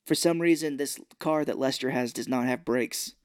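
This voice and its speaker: A man's voice: mid-range voice, moderate pace, dry recording, studio quality. A man co-hosting a podcast, casually recapping a film's scenes and acting out the characters' lines. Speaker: podcast co-host. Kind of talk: casual movie recap chat.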